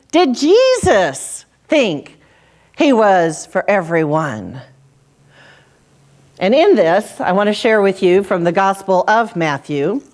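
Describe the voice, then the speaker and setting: A woman minister preaching a sermon, telling stories with dramatic pauses and dropping low for quoted lines. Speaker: senior minister. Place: church sanctuary.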